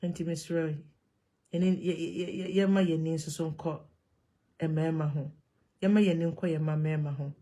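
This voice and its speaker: A woman with a Ghanaian accent talking to camera in an animated, emphatic way, switching between Twi and English. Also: deep voice, moderate pace. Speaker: vlogger. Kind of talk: casual monologue to camera.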